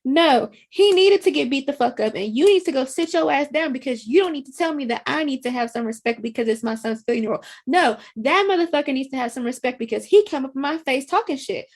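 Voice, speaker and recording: High-pitched woman cohost, blunt and heated, cusses a lot. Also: lively intonation, brisk, hardly any pauses. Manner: blunt, heated, cursing rant. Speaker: podcast co-host. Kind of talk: casual movie recap chat.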